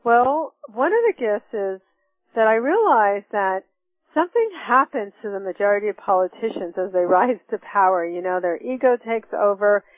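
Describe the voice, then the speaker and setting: A woman's voice: mid-range voice, lively intonation, moderate pace, dry recording. A middle-aged woman teaching a class on forgiveness, earnest and reflective, walking through steps with personal examples. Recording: tinny phone-line sound, dry.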